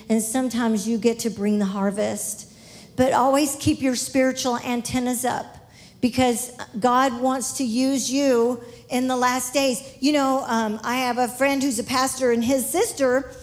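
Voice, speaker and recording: Woman preacher, high voice, lively storytelling sermon. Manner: animated, laughing often, rising high when excited.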